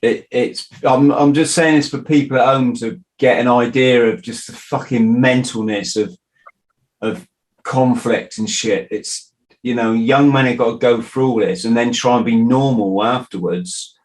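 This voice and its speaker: A man's voice: medium pitch, steady tone, unhurried, low-quality recording. A middle-aged man hosting a podcast, talking in a loose, rambling way with restarts and the odd swear word. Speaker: podcast host. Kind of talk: casual interview chat.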